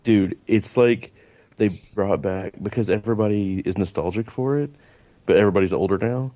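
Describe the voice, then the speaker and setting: A man's voice: fairly low pitch, normal speed, dark tone, dry recording. A man in casual podcast chat, laid-back and explaining at length. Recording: dull lo-fi podcast audio.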